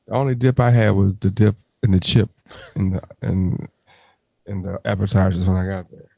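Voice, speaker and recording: A man's voice: deep voice, flat delivery, moderate pace, gravelly, mellow, husky, dry recording. A man co-hosting a podcast, chatting casually and joking around. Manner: joking, breaks into mocking put-on voices. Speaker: podcast co-host. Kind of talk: casual banter.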